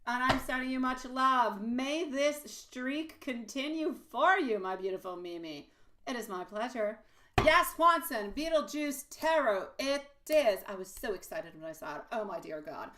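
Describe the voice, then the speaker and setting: A woman's voice: on the high side, a bit bright, slight background noise. A woman hosting a live tarot reading, chatting affectionately with viewers, using pet names and laughing often. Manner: laughs often, quick asides. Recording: voice a bit distant from the mic.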